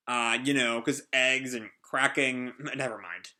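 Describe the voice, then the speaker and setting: A man's voice: mid-range voice, steady tone, measured pace, few pauses, sharp tone. A man reading a comic live and commenting on it, rambling with many fillers. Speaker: comic reaction host.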